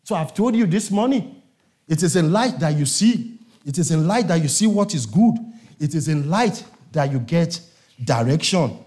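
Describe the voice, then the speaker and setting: A man's voice: fairly high pitch, expressive, moderate pace, a little mellow. A man preaching a sermon to a congregation, emphatic and repetitive, calling on his listeners to answer.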